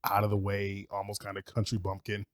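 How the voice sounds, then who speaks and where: A man's voice: on the low side, monotone, fairly quick. A man co-hosting a podcast in casual chat, rambling with lots of fillers and swearing. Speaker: podcast co-host.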